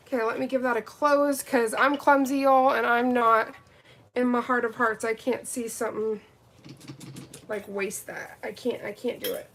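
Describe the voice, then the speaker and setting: A woman reviewing nail gels on a live stream, gushing and gasping with excitement and chatting to viewers. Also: medium pitch, normal speed. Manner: gushing, gasping, breathy exclamations, greets viewers. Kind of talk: excited live unboxing chat.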